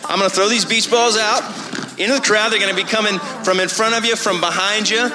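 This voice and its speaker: A man leading a church crowd game, loud and excited, calling out to the crowd. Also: high voice, fairly quick. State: out of breath. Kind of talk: energetic stage hosting. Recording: echoey hall with faint music.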